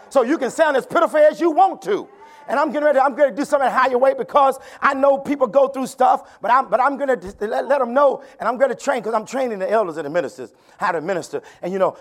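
High, lively-voiced man preaching a sermon. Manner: call-and-response preaching, builds to shouts; repeats phrases, tells listeners to turn to neighbor. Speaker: bishop preaching. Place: church anniversary service.

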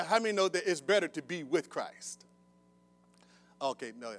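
High-voiced pastor preaching with call-and-response. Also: male voice, lively intonation, quick pace. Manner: call-and-response preaching, swinging between loud bursts and quiet talk; casual, joking asides. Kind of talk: sermon. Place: church service before a congregation.

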